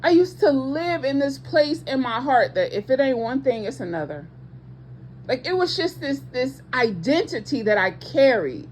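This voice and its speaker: A woman's voice: high-pitched, sing-song, moderate pace, darkish tone, a little hiss or hum. A woman preaching with passion to online viewers as a ministry host, emphatic and repeating her points, with speech patterns and casual asides.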